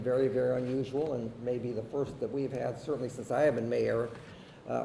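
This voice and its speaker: Man, mayor, formal ceremony remarks, gravelly mellow voice, echoey room, distant mic. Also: mid-range voice, slight background noise. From Ohio, United States. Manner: measured, formal.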